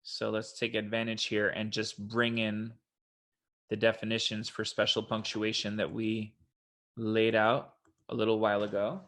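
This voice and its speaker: A man's voice: fairly low pitch, monotone, a little slow, a bit bright. A man tutoring for a college entrance test, casually walking through answer explanations in an online lesson. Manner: casual, explanatory, quotes examples in a put-on voice. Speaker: SAT tutor. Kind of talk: online test prep walkthrough.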